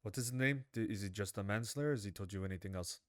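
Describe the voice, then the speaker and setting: A man's voice: on the low side, fast, fairly bright tone, dry recording, studio quality. A man playing a tabletop game, stammering and weary as his character. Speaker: player. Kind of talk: casual tabletop play, in-character lines.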